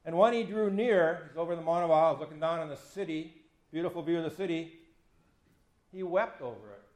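A man's voice: a little high, a little fast, roomy sound. A man in his fifties, a pastor giving a conversational sermon that acts out quoted speech with a self-deprecating touch. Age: 50s. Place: church.

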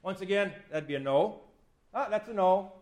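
Fifty-something pastor preaching in an echoey church. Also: male voice, sits high, moderate pace, a little mellow. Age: 50s. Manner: conversational, self-deprecating, acts out quoted speech. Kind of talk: sermon.

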